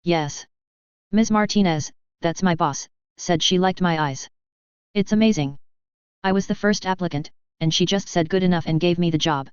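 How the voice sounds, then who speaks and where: A woman voicing an excited, naive young male alien office worker, low and smooth in a slightly dull recording. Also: moderate pace, no echo, lightly acted. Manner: excited, bubbly.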